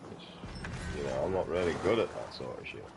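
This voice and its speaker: A man's voice: rumbling low, animated, a little fast, creaky, background noise. A young British man with an English accent giving casual, rambling gameplay commentary, swearing often. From England. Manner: swearing, rambling, chatty asides. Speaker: gameplay streamer.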